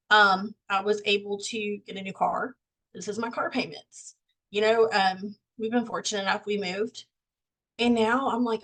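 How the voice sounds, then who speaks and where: A woman's voice: medium pitch, fairly bright tone, rough recording. A young woman on a video call giving a casual, folksy pep talk to her team, a bit out of breath. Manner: candid, folksy, self-deprecating. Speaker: team member sharing sales tips.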